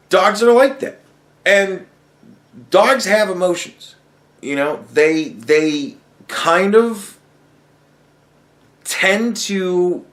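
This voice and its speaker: A man's voice: on the high side, fairly bright tone. Rambling, profane male podcaster. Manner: rambling, heavily profane, laughing asides. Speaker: podcast host. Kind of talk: casual solo podcast monologue.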